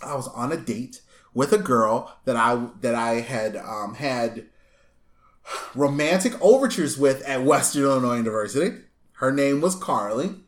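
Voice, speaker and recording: A man hosting a casual chat, telling a long story with lively asides and laughs, recorded in his apartment. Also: mid-range voice, moderate pace. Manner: animated storyteller, acts out voices, laughs often. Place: small apartment room. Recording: echoey room.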